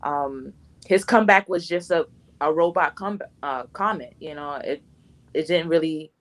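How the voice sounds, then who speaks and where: A woman co-host speaks frankly in relaxed conversation. Her voice sits on the lower side, and she leans on fillers like "you know" between her points. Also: moderate pace. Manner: blunt, opinionated, with fillers. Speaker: podcast co-host. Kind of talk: casual chat.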